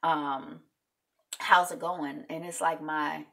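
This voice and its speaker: Low gravelly-voiced woman vlogger. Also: takes it slowly. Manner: chatty, animated, many fillers. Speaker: host recapping a reality show. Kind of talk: casual recap vlog.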